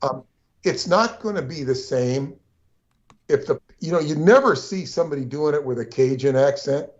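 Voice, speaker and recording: A man's voice: a little high, animated, normal speed, lo-fi sound. A man co-hosting a casual livestream conversation, rambling along with frequent restarts and asides. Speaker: co-host.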